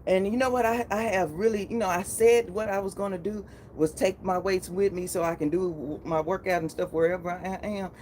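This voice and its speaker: A woman's voice: mid-range voice, fairly even intonation, brisk, hardly any pauses, darkish tone, slight background noise. A woman in her forties hosting a casual live stream, chatting, laughing often and greeting viewers by name. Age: 40s.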